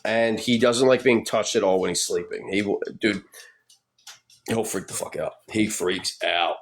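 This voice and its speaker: A man's voice: fairly low pitch, a little slow. A man chatting casually on a live stream, crude and sardonic, swearing often. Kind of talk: casual chat. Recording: faint background noise.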